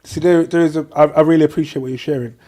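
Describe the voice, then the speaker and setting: A man's voice: a little high, steady tone, very fast, dark tone. A man co-hosting a podcast, talking in long, thoughtful, rambling turns. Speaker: podcast co-host. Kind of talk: casual podcast chat.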